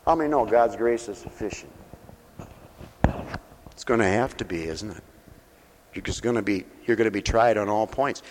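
A man preaching a sermon at a mission, folksy and direct, asking his listeners questions, his voice swinging between loud preaching and soft, close talk. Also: lowish voice, moderate pace, long pauses, long reverb tail, a little hiss or hum. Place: mission hall.

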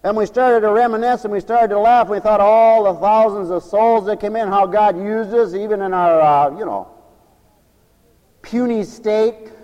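High-voiced emphatic preacher man, echoing hall. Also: moderate pace, muffled recording. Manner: emphatic, preacherly, calls for amens; folksy, tells stories. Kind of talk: sermon. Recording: long hall reverb.

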